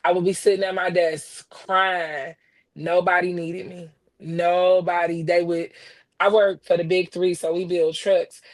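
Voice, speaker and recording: Halting, heartfelt woman guest. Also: on the low side, level tone. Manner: halting, repeats words, heartfelt. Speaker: podcast guest. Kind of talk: casual conversation about grief.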